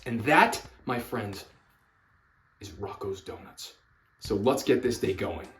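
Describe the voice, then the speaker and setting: A man in his thirties hosting a comedic vlog, animated and self-mocking with sudden bursts of emphasis. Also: lowish voice, measured pace, slight background noise. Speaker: vlogger. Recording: roomy echo, faint music.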